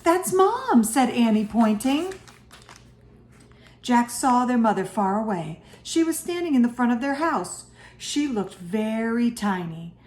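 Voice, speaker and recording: A woman teacher reading a children's chapter book aloud to her students in an expressive way. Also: a little high, unhurried. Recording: echoey room.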